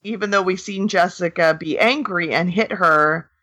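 A woman's voice: lowish voice, moderate pace, a bit bright, no echo. A woman co-hosting a casual podcast, talking with laughs and repeating herself. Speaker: podcast co-host. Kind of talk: casual chat.

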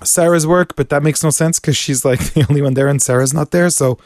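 A Canadian man co-hosting a podcast in casual chat, chatty, laughing often and trailing off into quiet mumbles. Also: on the high side, fairly quick, dry recording. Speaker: podcast co-host.

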